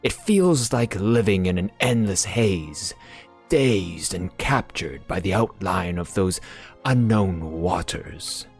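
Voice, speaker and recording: A man narrating a game's story text aloud in a measured, brooding delivery as a let's-play host. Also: low voice, lively intonation, soft background music. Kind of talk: slow dramatic narration of game text.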